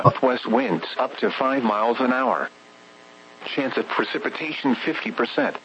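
A man's voice: mid-range voice, a bit bright. A synthetic male voice reading an automated weather radio broadcast in an evenly clipped delivery. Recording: dull lo-fi radio with faint hum.

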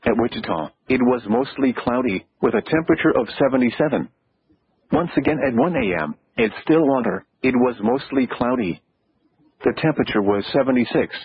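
A computer-generated male voice reading an automated weather broadcast in clipped, evenly paced phrases, with sudden pitch jumps on single words. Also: animated, fairly quick, creaky, breathy edge, phone-quality sound. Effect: synthetic computer voice.

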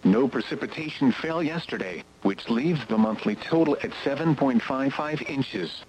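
A synthetic male voice reading an automated weather radio broadcast, reciting numbers and forecasts in a steady, mechanical way. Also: mid-range voice, moderate pace, slight background noise, rough recording.

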